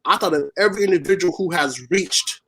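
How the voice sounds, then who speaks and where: A man's voice: high-pitched, a little fast, fairly bright tone, husky, rough recording. A man from Haiti raised in Washington State, a spoken word poet telling a personal story as an interview guest, earnest and repeating phrases for emphasis. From born in Haiti, raised in Washington State.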